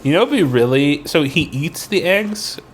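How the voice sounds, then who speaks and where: A man co-hosting a casual podcast chat, animated and laughing, slipping into silly voices. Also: fairly high pitch, moderate pace, a little hiss or hum. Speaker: podcast co-host.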